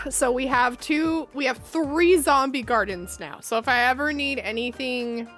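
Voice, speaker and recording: With soft background music, a woman livestreams a game and chats casually, giggling frequently in a self-deprecating way. Her high-pitched voice has a fairly bright tone and a measured pace.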